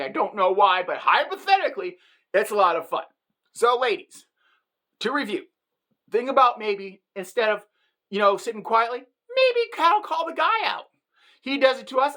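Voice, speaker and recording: Bright, animated woman telling a story. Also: medium pitch. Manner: animated, emphatic, joking. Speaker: vlogger. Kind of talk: comic storytelling monologue.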